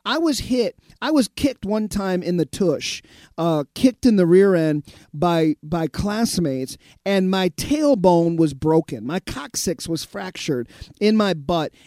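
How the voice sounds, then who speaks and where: A man's voice: high voice, mellow, dry recording, studio quality. A man who pastors a radio show, preaching emphatically and reading out listener messages. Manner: emphatic preaching, repeats phrases.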